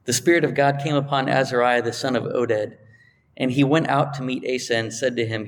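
A male pastor delivering a sermon in an earnest, emphatic way, his voice climbing when he presses a point. He sometimes pauses to rephrase or correct himself mid-thought. A faint hiss sits under the recording. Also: steady tone. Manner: emphatic, rising in pitch when stressing a point; restarts and self-corrections while thinking aloud.

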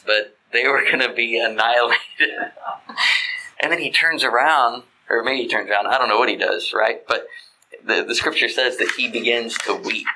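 A Bible teacher reads scripture, then teaches on it conversationally, often asking listeners "right?" and restarting mid-thought. His mid-range voice has a sharp tone, and the rough recording carries a little hiss or hum.

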